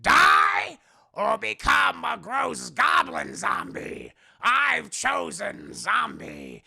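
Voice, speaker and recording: A man putting on a snarling, gleeful goblin villain voice, slow and shouted. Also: very high-pitched, huge pitch swings, gravelly, pitched above the performer's own voice, heavily acted. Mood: menacing. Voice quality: growling, drawn-out shouting.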